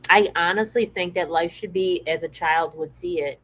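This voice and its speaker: A woman co-hosting a podcast, chatting in a relaxed way and reading viewer comments aloud. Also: on the low side, moderate pace, a little hiss or hum, poor audio. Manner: relaxed and conversational, with frequent restarts. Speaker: podcast co-host.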